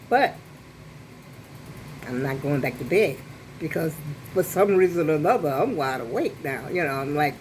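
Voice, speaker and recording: Chatty older woman, low voice. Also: slight background noise, poor audio. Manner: rambling, chatty, with many restarts and asides. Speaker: vlogger. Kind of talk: casual storytelling to camera. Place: apartment at home. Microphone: phone on a selfie stick.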